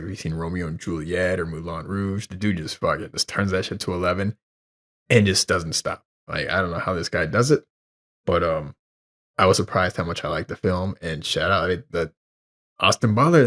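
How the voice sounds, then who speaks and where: A man's voice: low voice, a bit bright. A man co-hosting a podcast in casual chat, laid-back and swearing freely, full of "like". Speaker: podcast co-host.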